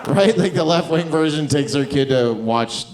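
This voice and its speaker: A man's voice: fairly high pitch, normal speed, noisy background. A man from Canada doing stand-up crowd work on a club stage, brash and profane. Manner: brash, profane, swings into mocking put-on voices. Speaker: stand-up comedian. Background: audience laughter.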